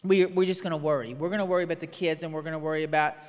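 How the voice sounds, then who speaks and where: A woman's voice: low-pitched, steady tone, rapid-fire, darkish tone. A woman preaching alongside the pastor in an earnest, rhythmic way, repeating her phrases. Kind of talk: sermon. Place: church sanctuary. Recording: long hall reverb in a sanctuary.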